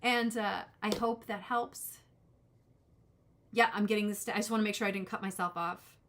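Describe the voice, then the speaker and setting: A woman in her forties, mid-pitched, talks in a loose, rambling way through a live-stream tarot reading. She often restarts her sentences and turns aside to greet people in the chat. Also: fairly even intonation, normal speed, a bit bright. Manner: rambling, self-interrupting, talks to chat viewers. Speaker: tarot reader.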